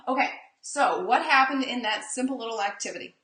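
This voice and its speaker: A woman teaching reading in a live online demo, energetic and slowing down to stress letter sounds. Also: on the high side, reverberant. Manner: energetic, emphasizes sounds slowly.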